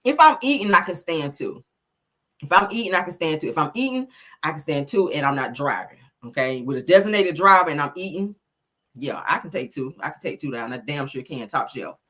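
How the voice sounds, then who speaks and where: A sassy woman hosts a casual live gossip stream, swearing freely and answering her chat as she goes. Her voice sits low but swings widely in pitch, with a bright, forward edge. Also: lively intonation, fairly quick. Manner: profane, sassy, chatty, reads viewer comments aloud. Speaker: host.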